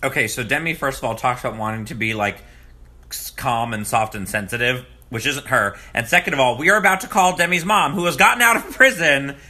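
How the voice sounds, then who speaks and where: A man giving a casual, gossipy recap of a reality dating show, sometimes jumping up high in pitch to mock the contestants. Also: brisk. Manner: animated, gossipy, swings into high mocking quotes. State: groggy morning voice. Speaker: recap vlogger. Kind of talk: casual commentary.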